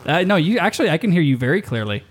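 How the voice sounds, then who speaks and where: Man, podcast host, casual chat, teasing, profane, lively pitch. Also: rapid-fire, breathy edge. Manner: teasing, swears a lot, laughs often.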